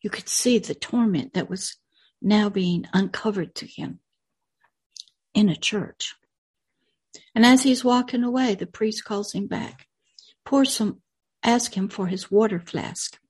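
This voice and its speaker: A woman's voice: medium pitch, takes it slowly, pauses often, darkish tone, breathy edge. A woman hosting a religious video channel, retelling a film in an earnest, unscripted way with emphatic repetitions.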